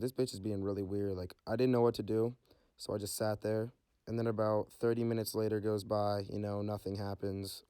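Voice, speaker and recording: A teenage guy rattles off a casual storytime at a quick clip, his voice low, mellow and smooth. He rambles, filling gaps with "like" and "you know", and swears freely. The sound is close and dry. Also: dry recording.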